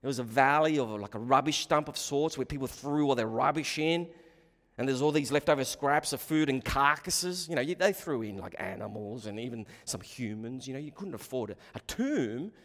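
Impassioned preacher in an echoing hall. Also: male voice, moderate pace. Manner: impassioned, swings between loud emphatic bursts and quiet low asides; repeats words and restarts phrases. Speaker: pastor. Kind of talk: sermon. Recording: long hall reverb.

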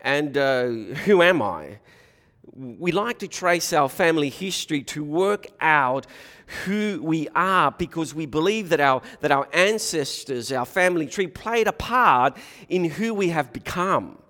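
A man's voice: fairly high pitch, animated, measured pace, pushed and bright, long reverb tail. A man preaching a sermon, often restarting his phrases. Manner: hesitant, frequent restarts.

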